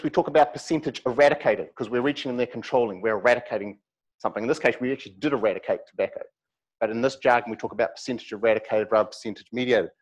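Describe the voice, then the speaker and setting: A middle-aged man giving a university lecture, lively and animated with humorous asides. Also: mid-range voice, poor audio. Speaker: academic lecturer.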